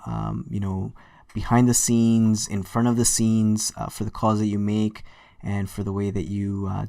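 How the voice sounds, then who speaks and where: A man hosting a casual online chat, relaxed and enthusiastic, with many fillers. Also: lowish voice, dry recording, clean studio sound. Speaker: podcast host. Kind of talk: casual video-call chat.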